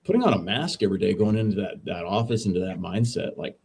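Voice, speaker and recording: A man, a veteran and podcast co-host, casually telling a story as a guest in a relaxed, profane, dude-heavy way. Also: low voice, fast talker, creaky, slight background noise. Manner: laid-back, profane, says dude a lot.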